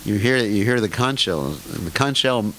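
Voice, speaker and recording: An older man giving a scripture lecture as a spiritual teacher, slowing down to stretch key words and slipping into humorous, self-deprecating asides. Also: lowish voice, lively intonation, fairly bright tone, rough recording. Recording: faint hiss in lecture recording.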